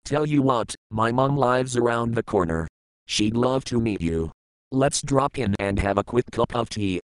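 Man reading a talkative, insistent cabbie in an audiobook; smooth voice, dry close sound. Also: medium pitch, animated, a little slow, no room sound, lightly acted. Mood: cheeky, insistent. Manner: cheeky, insistent. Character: chatty, pushy male London cab driver.

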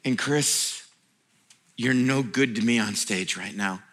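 A male pastor voicing God as a gentle, teasing father who speaks low and soft. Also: takes it slowly. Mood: tender.

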